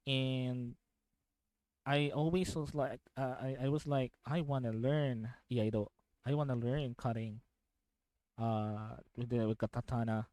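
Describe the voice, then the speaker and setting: A man's voice: mid-range voice, a little mellow, no echo, rough recording. A young man from the Philippines streaming from home, chatting casually and rambling as he reacts to videos, repeating himself and laughing often.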